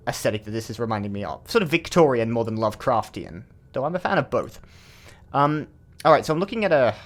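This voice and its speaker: A man with an Australian accent giving casual let's-play commentary, rambling and thinking aloud with many fillers. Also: mid-range voice. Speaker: gaming channel host.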